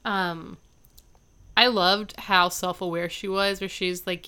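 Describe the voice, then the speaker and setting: A smooth-voiced woman podcast co-host. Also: fairly low pitch, fairly even intonation, slow, sharp tone. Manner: laughs easily, gushes fondly over the episode. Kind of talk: casual chat recapping a sitcom episode.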